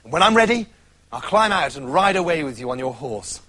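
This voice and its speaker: Man voicing a young fairy-tale girl, cheeky, chatty, lively pitch. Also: a little fast, heavily acted.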